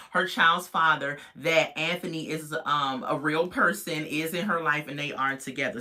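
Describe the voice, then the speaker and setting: A woman's voice: deep voice, sharp tone. A woman casually recapping a reality TV episode, chatty and sassy with lots of asides.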